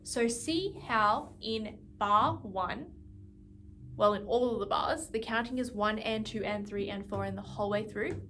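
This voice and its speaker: A woman's voice: medium pitch, a little slow, a bit bright, a little hiss or hum. A woman music teacher giving an instrumental lesson, patiently explaining and counting beats aloud.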